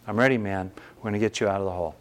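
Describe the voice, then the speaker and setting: A man voicing a gentle, compassionate male gorilla in a spoken story, talking calmly and plainly. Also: lowish voice, very fast, lightly acted. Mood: kindly.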